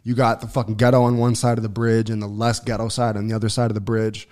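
A man telling a long personal story on a casual podcast, swearing freely, restarting sentences and getting loud when excited. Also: lowish voice, fast. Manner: profane, rambling, lots of restarts and fillers; gets loud and excited when reliving events. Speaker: podcast co-host.

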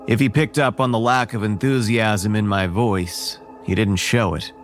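A man narrating a first-person horror story in a measured, wary tone. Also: lowish voice, steady tone, faint music behind.

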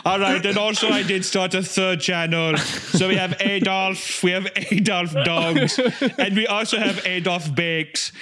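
A man's voice: high-pitched, steady tone, a little slow, few pauses, bright, forceful tone. A man riffing in comedic podcast banter, parodying a YouTuber's upbeat delivery with frequent laughter. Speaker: podcast co-host.

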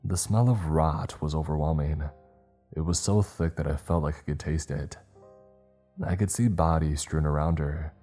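A man narrating a scary story in a slow, measured, grave delivery. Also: rumbling low, steady tone, warm tone, faint music behind. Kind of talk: scripted horror story narration.

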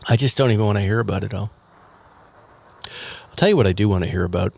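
A man's voice: fairly low pitch, quick pace, creaky. A man hosting a podcast, teasing and laughing, who also reads ads in a casual way. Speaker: podcast host. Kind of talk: casual chat and ad read.

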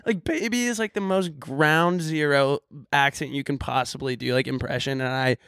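A man's voice: medium pitch, normal speed, a bit bright, smooth. Joking male podcast co-host. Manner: jokey, playful, breaks into silly voices. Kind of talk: casual podcast chat.

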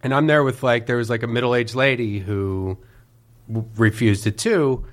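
A man hosting a podcast, telling a profane comic story and loudly acting out the people in it. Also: mid-range voice, moderate pace. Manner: profane, acts out people in quotes, loud bursts of mock yelling.

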